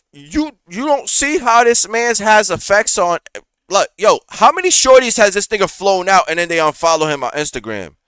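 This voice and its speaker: A man's voice: high-pitched, clean tone, no room sound. A man hosting a reaction show, ranting in casual, profane commentary with lots of fillers, recorded close on a studio mic. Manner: profane, animated rant with frequent fillers.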